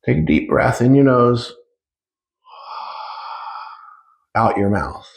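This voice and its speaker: A man's voice: medium pitch, expressive, moderate pace, vocal fry. A man in his fifties giving an informal spiritual talk to a live audience, speaking conversationally and acting out little dialogues. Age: 50s. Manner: conversational, acts out dialogue with shifting speed. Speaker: spiritual teacher. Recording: roomy echo.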